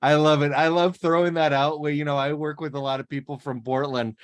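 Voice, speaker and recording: A woman's voice: sits low, steady tone, fairly quick. A woman from South Dakota with a Midwestern American accent, co-hosting a podcast in casual chat, laughing and restarting her sentences. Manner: chatty, laughing, many restarts. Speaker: podcast co-host.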